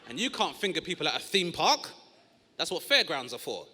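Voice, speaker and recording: A stand-up comic works a theatre stage, his voice bright and lively, jumping high into squealing put-on yelps as he acts out his stories. The sound carries the long reverb of a large hall. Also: brisk, slight background noise. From South East London. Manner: animated storytelling with loud high-pitched put-on yelps. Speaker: stand-up comedian. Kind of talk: stand-up comedy set.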